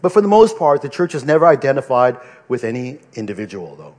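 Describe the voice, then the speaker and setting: A man's voice: medium pitch, very animated, fast talker, darkish tone, big-room sound. A male pastor preaching a sermon from the pulpit, earnest and conversational, often restarting his sentences. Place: church pulpit.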